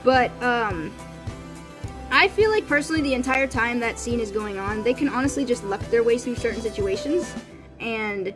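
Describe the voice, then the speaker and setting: A woman's voice: fairly high pitch, animated, music in the background. Rambling woman streamer chatting casually. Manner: rambling, full of fillers and restarts, quick quoted voices. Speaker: artist streamer. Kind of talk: casual livestream chat.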